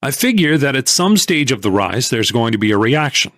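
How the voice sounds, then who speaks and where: A male audiobook narrator telling a first-person story in a measured, plain-spoken way. His pitch moves freely around a middle voice. The recording is dry and close. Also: big pitch swings, fairly bright tone, no room sound.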